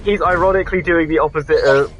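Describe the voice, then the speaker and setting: A man's voice: a little high, fast talker, fairly bright tone, low-quality recording. A man co-hosting a casual gaming podcast, chatty and rambling, restarting sentences and swearing now and then. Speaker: podcast co-host. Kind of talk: casual chat.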